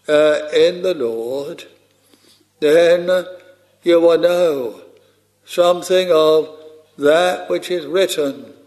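A man preaching a sermon in a measured, unhurried way, quoting scripture with old-fashioned phrasing. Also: on the high side, darkish tone.

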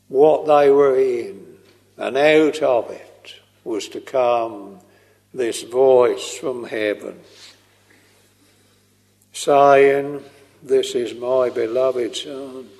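Very slow gravelly preacher, echoing hall. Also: male voice, mid-range voice, a little mellow. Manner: slow, tender and pleading, quoting hymns with feeling. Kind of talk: slow, earnest sermon. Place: church. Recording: long reverb of a large hall.

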